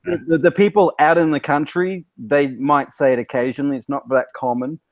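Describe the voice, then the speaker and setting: Australian co-host, jokey, slightly high voice, dry close sound. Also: male voice, fairly even intonation, a little fast, no room sound. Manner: joking, puts on exaggerated accents. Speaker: podcast co-host. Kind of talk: casual group chat.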